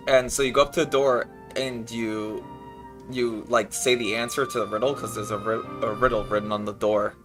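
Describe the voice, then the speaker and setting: A man's voice: medium pitch, steady tone, normal speed, fairly bright tone, faint music behind. A man streaming a game, chatting casually and ad-libbing jokes over it. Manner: jokey, ad-libbing, breaks into laughter. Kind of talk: casual gaming stream chat.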